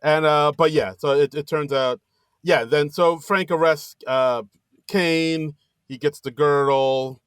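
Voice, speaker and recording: A man's voice: slow, smooth, no echo. Man recapping a movie in a dry room. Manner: animated retelling, acts out lines in a high voice. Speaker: podcast co-host. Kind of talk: casual movie recap chat.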